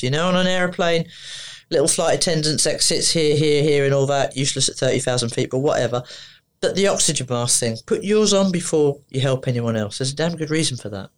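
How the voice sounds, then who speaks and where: A woman's voice: sits low, brisk. A woman therapist speaking as a podcast guest, blunt and emphatic, repeating words for stress. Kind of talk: casual podcast conversation.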